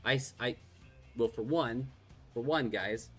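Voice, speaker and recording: A man's voice: medium pitch, unhurried, breathy edge, faint music behind. A man from Ireland chatting casually while streaming a game, rambling and self-deprecating, with lots of restarts and swearing.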